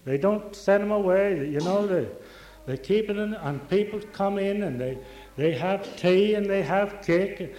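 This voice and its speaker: A woman's voice: medium pitch, mellow, echoey room, poor audio. An older woman giving a rambling, fervent religious testimony, repeating phrases and breaking into praise.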